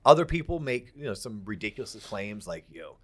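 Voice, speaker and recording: A man's voice: lowish voice, big pitch swings, brisk. A man co-hosting a podcast, chatting casually and enthusiastically about his news and business plans. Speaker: podcast co-host.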